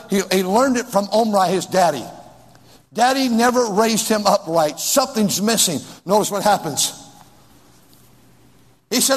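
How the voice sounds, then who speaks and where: A man's voice: high-pitched, breathy edge, big-room sound. A male preacher delivering a sermon, emphatic and repetitive, reading scripture and scolding his listeners.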